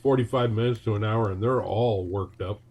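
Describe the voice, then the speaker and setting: A man's voice: on the low side, brisk, a little mellow, husky. A man on a video call in a casual political chat, teasing the others in a dry way. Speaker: panelist.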